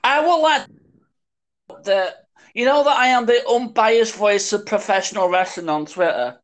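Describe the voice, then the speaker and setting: A man's voice: sits high, moderate pace. Man, Northern English accent, podcast guest, casual chat, dry, wry. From Sheffield, England.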